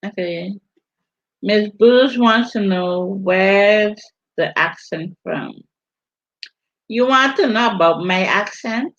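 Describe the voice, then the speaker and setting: A woman with a Virgin Islands accent chats through a casual livestream and reads out viewer comments. She speaks in a slow, drawn-out way. Her audio sounds dull and lo-fi. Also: mid-range voice. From US Virgin Islands (St. Thomas). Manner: unhurried, drawn-out delivery while reading viewer comments. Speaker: livestream host.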